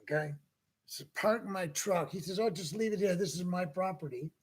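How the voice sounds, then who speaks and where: In this casual storytelling chat, a man hosting a talk-show-style podcast tells a lengthy anecdote and voices each of its characters. His voice sits high and sounds husky, delivered at a moderate pace.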